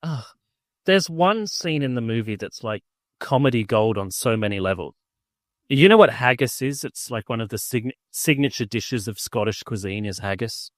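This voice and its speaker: This male podcast co-host reviews a film in casual chat, his mid-range voice lively in intonation at normal speed. His easygoing delivery rambles enthusiastically, packed with "like" and restarts, and the recording is dry with no room sound.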